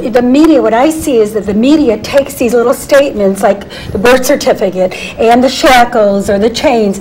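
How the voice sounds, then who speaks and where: A woman's voice: on the high side, moderate pace, darkish tone, low-quality recording. A woman hosting a political roundtable, asking questions with hesitant restarts. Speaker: host. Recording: faint background noise.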